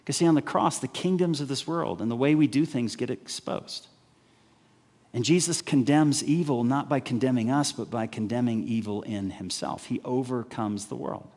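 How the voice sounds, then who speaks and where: A male pastor preaching a lively sermon, firing off rhetorical questions and briefly acting out the voices of crowds. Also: mid-range voice, moderate pace. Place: church hall. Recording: live church stream with long hall reverb.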